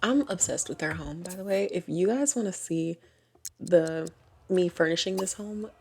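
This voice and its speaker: A woman with a somewhat low voice chats her way through a life-sim game for her channel. She giggles and corrects herself as she goes, and a faint hiss sits under the recording. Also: normal speed, vocal fry, a little mellow. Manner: chatty, giggly, self-correcting. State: hiccups. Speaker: gaming channel host. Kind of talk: casual game commentary.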